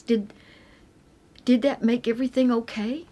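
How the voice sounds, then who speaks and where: A middle-aged woman tells her faith testimony at an unhurried, deliberate pace. Her voice sits a little low, and it is earnest and tender. At the most heartfelt points she sinks into a near whisper. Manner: earnest and tender, dropping to a soft whisper at emotional moments. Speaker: Christian speaker sharing her testimony.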